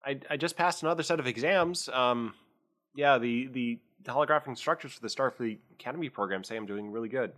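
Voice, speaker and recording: A man's voice: medium pitch, a bit bright, lightly acted. Man voicing a shy, eager fungal alien girl. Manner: halting, shy, hesitant. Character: eager young female fungal alien cadet.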